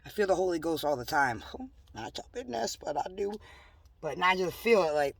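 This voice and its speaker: A woman giving a rambling religious monologue, drifting between soft whispers and loud scolding, slowly reading definitions aloud. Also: on the low side, animated, vocal fry, breathy edge, dry recording, distant mic. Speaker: self-styled prophet vlogger.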